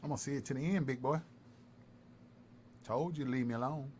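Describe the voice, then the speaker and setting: A man's voice: medium pitch, brisk. A man from North Carolina, taunting and repeating himself in a heated livestream callout. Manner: taunting, repetitive, animated. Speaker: live-stream commentator. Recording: faint background noise.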